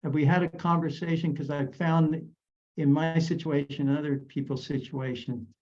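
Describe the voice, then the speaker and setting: A man from Idaho giving measured, explanatory coaching advice as a guest on a video call. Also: a little high, fairly even intonation, a little mellow, dull audio. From Idaho, USA.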